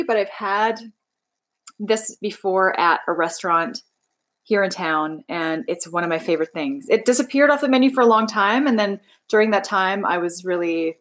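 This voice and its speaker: A woman's voice: mid-range voice, expressive, moderate pace, a bit bright, poor audio. A young woman from Canada chatting casually on a livestream, bubbly and rambling as she reads out viewer comments. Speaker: livestream host.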